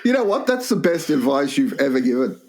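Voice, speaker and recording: A man's voice: mid-range voice, big pitch swings, brisk, darkish tone. A man co-hosting a crude comedy podcast, firing off vulgar jokes and swearing often. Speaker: podcast co-host.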